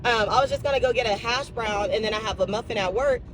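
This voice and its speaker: A woman's voice: on the high side, quick pace. Chatty, emotional young woman talking from her car. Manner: chatty, emotional and animated, addresses viewers as y'all. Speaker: vlogger. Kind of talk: casual chat. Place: in a car on a drive-thru run. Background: vehicle noise.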